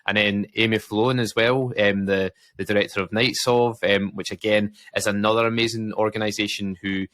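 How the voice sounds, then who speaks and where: A man's voice: fairly low pitch, little pitch movement, normal speed, hardly any pauses, a bit bright, dry recording. A Scottish man co-hosting a casual podcast chat, rambling and self-mocking with lots of fillers and restarts. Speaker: podcast co-host.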